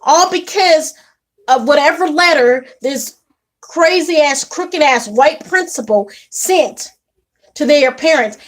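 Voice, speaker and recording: A young woman casually telling an indignant story to camera, animated and quick to act out what others said. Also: high-pitched. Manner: animated, indignant retelling with acted quotes. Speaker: vlogger.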